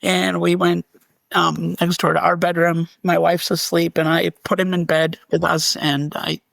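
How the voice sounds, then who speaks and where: A man, a guest on an interview show, telling a story in an animated way and acting out what was said. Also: on the high side, unhurried, vocal fry, dry recording. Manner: animated, restarts and reenacts dialogue. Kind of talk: storytelling in conversation.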